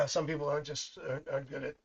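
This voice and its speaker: A man's voice: fairly high pitch, flat delivery, fast talker, gravelly, husky, muffled recording. Chatty middle-aged man reading tarot. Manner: chatty and rambling, laughs often, tells family stories. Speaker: psychic tarot reader. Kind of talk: live-stream tarot reading, casual chat.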